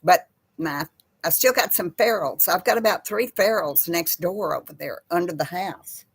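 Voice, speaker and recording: An older woman chatting casually with live viewers in a slow, folksy way. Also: lowish voice, gravelly, husky. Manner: slow folksy talk, baby voice to her pets. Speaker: host of a live chat with viewers. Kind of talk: casual live-stream chat reading viewer comments.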